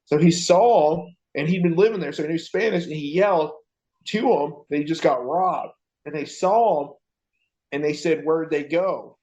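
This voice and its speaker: A man's voice: fairly high pitch, moderate pace. A man co-hosting a podcast, telling a story in casual chat, swearing often and acting out the voices of the people in it. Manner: profane, animated storyteller acting out quotes. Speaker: podcast co-host.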